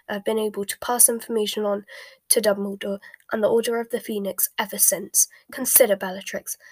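A woman reading a calculating male dark wizard aloud in a soft, whispered storybook voice, with a smooth, measured manner. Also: mid-range voice, no room sound, lightly acted.

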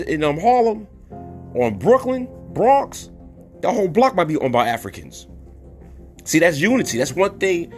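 A man from New City, hosting a podcast monologue in a blunt way, repeating words for emphasis. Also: sits high. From New York City. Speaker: podcast host. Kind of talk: opinionated monologue.

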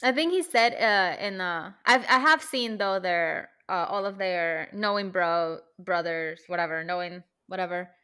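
A woman's voice: fairly low pitch, a little slow, few pauses, bright, forceful tone, clear, resonant tone. Rambling woman podcast co-host. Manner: rambling, restarts sentences, lots of "like" and "um". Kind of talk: casual chat.

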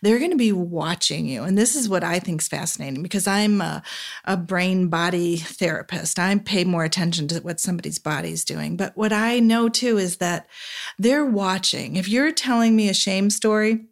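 A woman, a therapist, talking through an idea in a relaxed podcast chat, now and then acting out quoted voices softly. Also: lowish voice, normal speed, vocal fry. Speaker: therapist guest. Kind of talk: casual podcast conversation.

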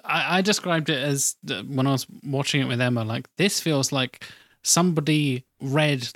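A man's voice: mid-range voice, moderate pace, fairly bright tone, no room sound, studio quality. A man co-hosting a casual film review podcast, crude and jokey, getting exasperated. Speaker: podcast co-host.

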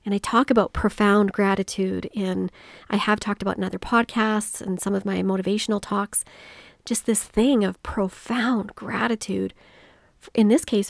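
Woman, solo podcast host; earnest reflective storyteller, gravelly texture, dry close mic. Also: medium pitch, fairly even intonation, normal speed, no room sound. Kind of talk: solo motivational podcast talk.

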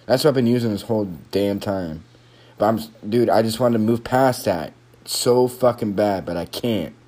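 A man's voice: medium pitch, darkish tone. Swearing, frustrated young man ranting. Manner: swears constantly, rambling, frustrated. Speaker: podcaster. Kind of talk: frustrated solo podcast rant. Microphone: phone microphone.

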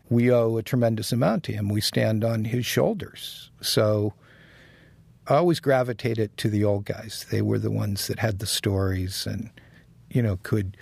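A man with a gravelly, slightly husky voice tells his stories in an easy, reflective way and chuckles along the way. He is recorded dry and close, with no room sound. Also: fairly low pitch, darkish tone, dry recording. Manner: reflective, chuckles while telling anecdotes. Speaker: guest designer. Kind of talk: casual interview conversation.

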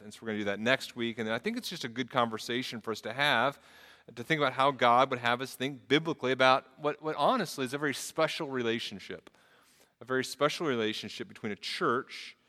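A man's voice: medium pitch, bright, forceful tone. A middle-aged man preaching a sermon as pastor in a church, earnest and conversational, often restarting his sentences. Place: church sanctuary. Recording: long reverb in a large hall.

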